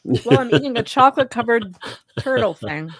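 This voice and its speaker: Female livestream co-host, playful and teasing, higher lively voice. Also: brisk, husky. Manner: playful, joking, giggly. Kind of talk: casual livestream chat.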